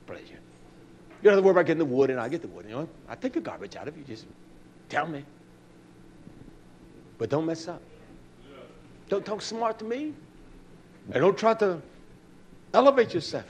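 A man preaching a sermon, swinging between raised shouting passages and low, confiding asides to the congregation. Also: lively intonation, brisk, pauses often, slight background noise.

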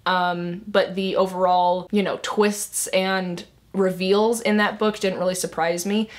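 A woman's voice: lowish voice, level tone, a little slow. A woman in her twenties chatting casually as a book vlogger, gushing and filling her talk with "like" and "um". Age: 20s. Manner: chatty, gushing, many "like" and "um" fillers. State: emotional, tearing up. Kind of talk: casual book haul chat.

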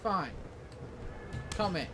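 A man giving live gameplay commentary, yelling excitedly and in frustration at the game as he plays. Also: high-pitched, drawn-out words, background noise. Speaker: gaming channel host.

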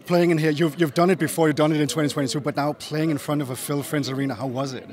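Man, interviewer, upbeat, joking, fairly high voice. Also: fairly even intonation, quick pace, darkish tone. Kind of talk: casual entertainment interview. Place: outdoors at an arena.

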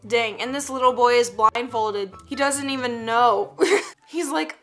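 A woman's voice: on the high side, measured pace, fairly bright tone, soft background music. A woman hosting a casual reaction video, joking and teasing with frequent giggles. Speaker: YouTube reaction host.

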